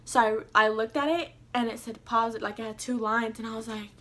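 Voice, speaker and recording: A woman's voice: a little high, fairly even intonation, brisk, bright, forceful tone. Rambling young woman. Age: young adult. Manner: rambling, heavy use of "like", casual swearing. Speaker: vlogger. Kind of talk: casual storytime vlog.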